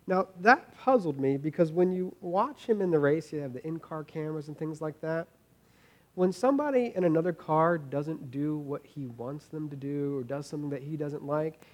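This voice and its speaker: A man in his thirties preaches in an easy, conversational way, earnest and informal. His voice sits a little higher than most men's, and he often stumbles over and repeats words as he thinks aloud. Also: moderate pace. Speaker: pastor. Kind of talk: conversational sermon.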